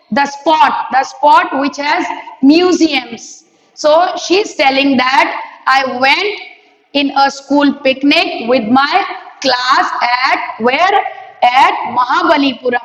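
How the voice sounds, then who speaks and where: A woman's voice: high voice, a bit bright, muffled recording. A woman teacher explaining a textbook lesson, asking the class many questions and repeating key words. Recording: echoey room with long reverb.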